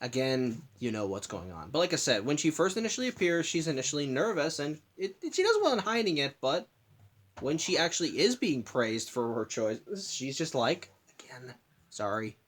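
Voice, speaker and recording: A man's voice: medium pitch, sing-song, normal speed. Male host, casual episode breakdown, rambling and self-correcting, mid-range voice. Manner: rambling, restarts sentences, apologizes for interruptions. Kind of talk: casual spoken analysis of a cartoon episode.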